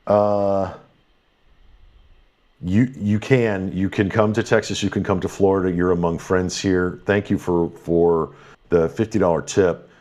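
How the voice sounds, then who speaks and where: A man's voice: sits low, fairly even intonation, a little mellow. A man hosting a live stream, thanking viewers and running through their messages in an upbeat, slightly tired way with lots of fillers. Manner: upbeat, thankful, quick rundown with fillers and restarts. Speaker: livestream host. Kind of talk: live stream commentary, reading super chats.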